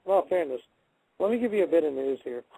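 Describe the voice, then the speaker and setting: A man co-hosting a radio show from his car, tipsy from drinking, ranting loudly and swearing. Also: fairly high pitch, lively intonation, fairly quick, a little hiss or hum, rough recording. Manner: profane, loud, ranting. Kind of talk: rowdy casual banter.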